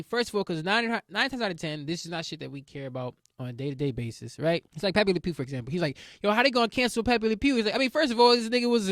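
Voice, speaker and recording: Young man, high and smooth-voiced, solo podcast host, casual and profane. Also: fairly bright tone, no room sound, clean studio sound. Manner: rambling, profane storyteller.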